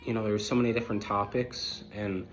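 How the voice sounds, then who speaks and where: Blunt, low-voiced man rambling to viewers. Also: steady tone, quick pace. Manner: repetitive, emphatic, jumps between thoughts; blunt and preachy toward listeners. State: manic, disorganized thoughts. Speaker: podcast host. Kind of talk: casual monologue to viewers.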